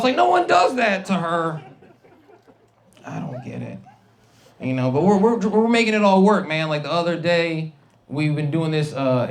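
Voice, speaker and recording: A man in his thirties doing a stand-up comedy set, animated and slipping into put-on voices. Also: fairly high pitch. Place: comedy club stage with audience.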